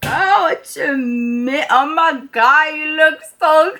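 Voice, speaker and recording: A woman voicing a very drunk young woman coworker who slurs and rambles, drawn-out and loud. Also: high-pitched, voice pushed up, exaggerated voice. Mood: slurred giddy.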